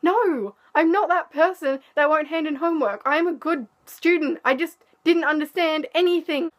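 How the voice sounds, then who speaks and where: A woman's voice: high voice, normal speed. Teen girl telling a candid storytime. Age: teens. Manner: candid, sarcastic, animated. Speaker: vlogger. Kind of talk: storytime vlog.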